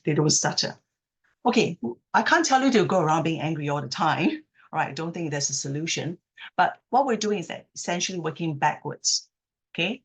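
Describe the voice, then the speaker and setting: Husky-voiced woman speech therapist. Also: deep voice. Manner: explains patiently, checks in with "okay" and "right"; demonstrates phrases slowly with exaggerated inflection. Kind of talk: instructional talk to camera.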